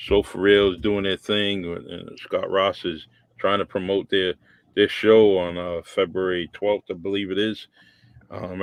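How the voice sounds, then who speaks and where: A man hosting a casual on-air radio chat, halting and full of fillers. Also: deep voice, no room sound. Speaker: radio host.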